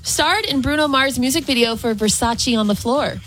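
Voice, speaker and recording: A woman's voice: sits high, moderate pace, fairly bright tone, faint music behind. A woman co-hosting a radio quiz, reading questions out. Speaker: radio co-host.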